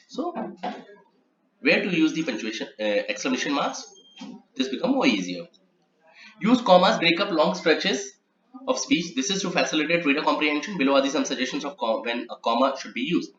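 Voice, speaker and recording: A man's voice: a little high, very animated, brisk, fairly bright tone. Man teaching in an echoey room. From India. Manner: explanatory, repeats and spells out examples. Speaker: transcription trainer. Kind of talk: instructional lecture. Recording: echoey, slightly muffled room recording.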